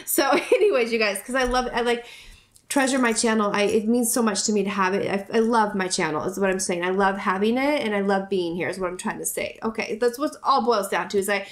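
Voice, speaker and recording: A woman vlogger from the United States, opening viewer mail in casual chat, gushing and effusive, rambling softly with many fillers and repeating herself. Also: medium pitch, fairly quick.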